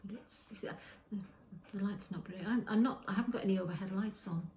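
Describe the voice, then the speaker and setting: A woman hosts a knitting podcast from her home kitchen, rambling through a casual show-and-tell chat full of restarts and self-corrections. She talks fast in a mid-range voice with a darkish tone. The audio is poor and reverberant.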